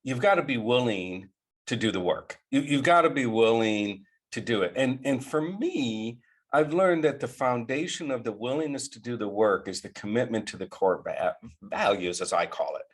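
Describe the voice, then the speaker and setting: A man's voice: medium pitch, normal speed, breathy edge. A man hosting a casual interview, talking animatedly and often repeating his words. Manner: animated, repeats words, frequent "you know" and "right?". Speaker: podcast host and financial planner.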